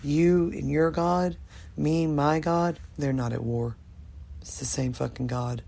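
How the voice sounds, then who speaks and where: A woman's voice: sits low, fairly even intonation, takes it slowly, gravelly, mellow. An older woman talking to her viewers in a rambling, emotional monologue, swearing casually. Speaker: vlogger.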